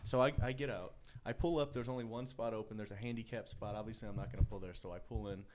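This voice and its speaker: A man's voice: on the low side, steady tone, quick pace, background noise. A man co-hosting a podcast, rambling through a story in casual banter with lots of restarts. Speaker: podcast co-host.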